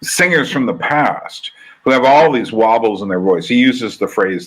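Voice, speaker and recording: A man's voice: mid-range voice, animated, normal speed, rough recording. A man hosting a casual conversation, talking in a rambling, thoughtful way and often restarting his sentences. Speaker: podcast host. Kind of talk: casual conversation reacting to a video.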